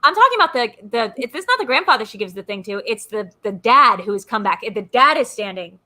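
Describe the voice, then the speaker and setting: A woman co-hosting a casual movie chat, animated and acting out lines in exaggerated voices. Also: a little high, fairly quick. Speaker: co-host.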